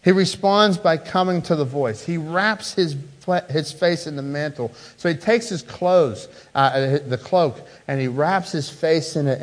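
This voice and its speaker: Earnest man preaching a sermon. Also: a little high. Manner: earnest, swings from loud emphasis to hushed softness; repeats and restarts words. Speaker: pastor.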